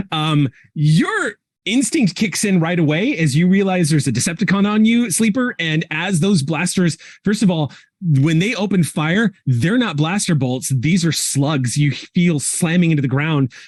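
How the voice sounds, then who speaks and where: A man running a tabletop game as game master, describing the action vividly and pausing often with "um". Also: fairly high pitch, lively intonation, dry recording. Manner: vivid descriptive narration with frequent ums.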